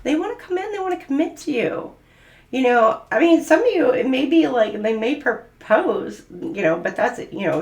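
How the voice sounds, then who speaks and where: Woman, tarot reader, giggly, gushing, chatty with fillers, medium pitch, roomy echo. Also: creaky. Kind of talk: casual spoken tarot reading.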